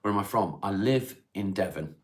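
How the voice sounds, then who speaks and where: A man from Cheshire, hosting a casual livestream, reading viewers' comments aloud and answering them in a laid-back, unhurried way. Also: low voice, expressive. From England (Cheshire). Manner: laid-back, unhurried, reads chat questions aloud then answers plainly. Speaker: livestream host. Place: at home, smoking while streaming.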